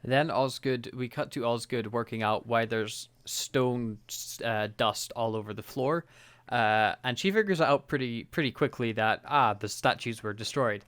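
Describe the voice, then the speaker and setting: A man's voice: mid-range voice, moderate pace, fairly bright tone, smooth, no echo. A man, co-hosting a podcast in casual chat, laughing often and quoting lines. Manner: laughs often, quotes characters in put-on voices. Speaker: podcast co-host. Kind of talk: casual chat recapping an episode.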